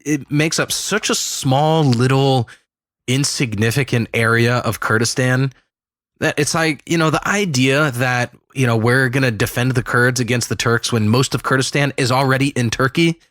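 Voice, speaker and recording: A man co-hosting a casual political podcast, talking emphatically with quick asides and restarts. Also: mid-range voice, a bit bright, no room sound, clean studio sound. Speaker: podcast co-host.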